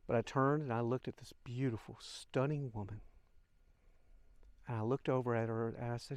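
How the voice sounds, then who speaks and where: A man's voice: mid-range voice, steady tone, moderate pace, long pauses, darkish tone, dry recording. An older man, a channel host, telling a heartfelt personal story straight to his listeners. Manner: heartfelt, addresses listeners as folks.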